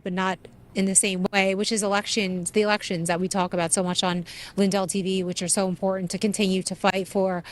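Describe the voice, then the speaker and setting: An earnest young woman co-hosts a news show, speaking at an ordinary middle pitch. She talks loosely and conversationally, pausing on fillers and restarting her phrases as she works through each point. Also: a bit bright. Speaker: news co-host.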